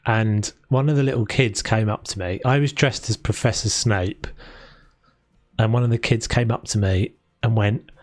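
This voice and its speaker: A man's voice: fairly low pitch, fairly even intonation, moderate pace, no echo, clean studio sound. A man from South London with a London accent, chatting casually and rambling on a live stream while he builds in a game. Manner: chatty and rambling, with frequent restarts.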